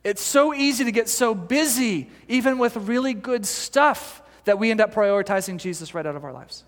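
Gently ribbing his congregation, a male pastor tells stories through his sermon in an animated way, with plenty of fillers and restarts. His voice sits high, his speed is normal, and the sound is of a big room.

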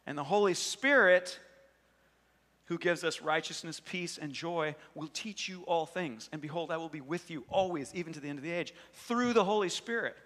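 A young adult man preaching a casual, animated sermon, talking conversationally and acting out little voices. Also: fairly high pitch, moderate pace. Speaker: pastor. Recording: long reverb of a large hall.

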